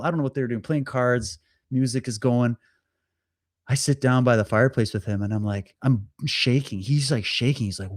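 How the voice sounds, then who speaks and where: Animated male livestream host, dry sound. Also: mid-range voice, normal speed, no room sound. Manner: animated, stammers and repeats words, acts out quotes. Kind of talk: casual storytelling monologue.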